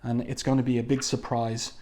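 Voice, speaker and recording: A man's voice: mid-range voice, level tone, a little fast, darkish tone. A man reviewing a comic book, walking through the panels in casual narration with frequent ums. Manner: walks through panels, reads dialogue aloud, frequent ums.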